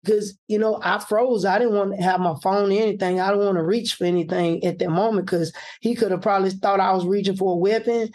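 Animated man telling a story. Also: high-pitched, a little fast, hardly any pauses. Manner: animated, acts out quoted voices. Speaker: political candidate. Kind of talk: personal storytelling.

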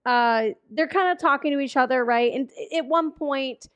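A woman with a notably high voice co-hosts a relaxed film recap podcast. She talks in a blunt, chatty way, giggling often and dropping casual swears. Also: normal speed. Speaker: podcast co-host.

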